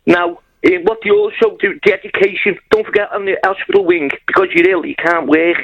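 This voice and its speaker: A man's voice: high voice, sing-song, brisk, creaky, a bit bright. A man calling in to a radio show, telling his story in a blunt, heartfelt way over a phone line. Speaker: caller. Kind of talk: phone-in call.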